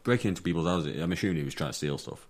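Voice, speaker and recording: An English man with a very low voice talks in a loose, rambling way, doubling back on his own words as he jokes with friends. He hosts a casual podcast chat from an attic room. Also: racing, a little hiss or hum. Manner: rambling, jokey, repeats words.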